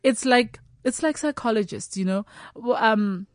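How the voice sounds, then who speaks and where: Animated woman comedian, dry close sound. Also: fairly high pitch, unhurried, no room sound. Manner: animated, acts out quoted voices and imagined dialogue. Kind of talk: candid conversational chat.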